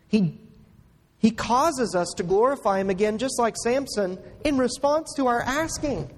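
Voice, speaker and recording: A man preaching a sermon as a pastor, slow and earnest, pressing each point with emphatic rises. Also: sits high. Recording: long hall reverb.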